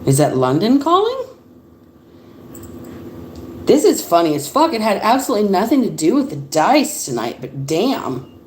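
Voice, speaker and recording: A woman giving a casual livestream tarot reading, chatty and animated, laughing often and swearing casually. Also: mid-range voice, moderate pace, pauses often, slight background noise. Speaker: tarot reader. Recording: roomy echo.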